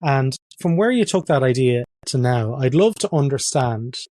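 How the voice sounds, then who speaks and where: A man's voice: medium pitch, expressive, moderate pace, darkish tone, no echo. A man hosting a podcast interview, chatty and self-deprecating. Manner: chatty, self-deprecating, loves putting on accents. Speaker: podcast host. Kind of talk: casual interview chat.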